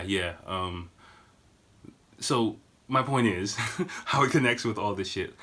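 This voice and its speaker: A man in his thirties tells a story on his podcast, rambling casually, swearing, and using lots of fillers. His voice is on the low side but fairly bright.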